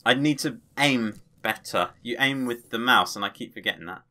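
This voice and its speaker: A man giving excitable, playful let's play commentary as a gaming channel host, tossing in his own sound effects. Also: medium pitch, moderate pace.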